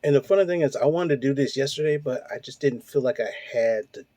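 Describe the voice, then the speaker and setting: A host in his forties launches into a heated, profanity-laced ranting monologue, firing off rhetorical questions at a fast clip. His medium-pitched voice is warm and mellow with little brightness, and the recording is dry and close with no room echo.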